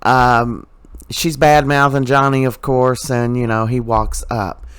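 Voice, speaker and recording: A man's voice: medium pitch, level tone, slow pace, fairly bright tone, clear, resonant tone, no echo. A man giving a casual, chatty soap opera recap, full of "you know" and "uh", with his own opinions mixed in.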